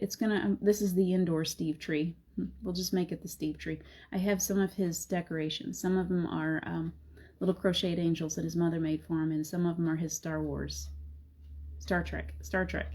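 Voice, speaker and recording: Middle-aged female host, soft and reflective, husky, warm low tone. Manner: gentle, reflective, soft-spoken with frequent laughs. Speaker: host of a live spiritual talk show. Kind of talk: casual live-stream chat.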